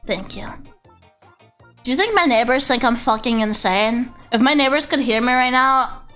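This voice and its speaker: High, bright-voiced giggly woman streamer. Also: normal speed, faint music behind. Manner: giggly, chaotic and self-mocking, laughs often. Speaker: VTuber streamer. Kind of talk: casual livestream chat reading chat messages.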